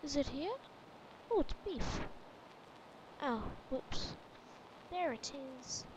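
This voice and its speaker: A woman giving gameplay commentary, chattering to herself with sudden excited exclamations. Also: high voice, slow, background noise. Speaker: let's play gamer.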